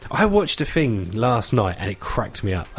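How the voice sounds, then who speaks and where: A man's voice: fairly low pitch, normal speed, husky, soft background music. A man with a British accent co-hosting a comedy radio show, chatting casually and laughing often. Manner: laughs often, animated, tells funny stories. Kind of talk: casual banter. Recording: radio studio.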